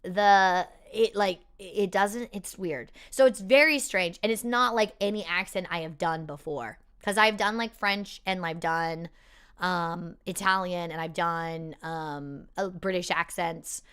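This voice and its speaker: A woman's voice: fairly low pitch, unhurried, fairly bright tone, clear, resonant tone. A woman hosting a casual question-and-answer chat with viewers, rambling with many fillers and restarts and laughing easily. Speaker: performer hosting a live Q&A.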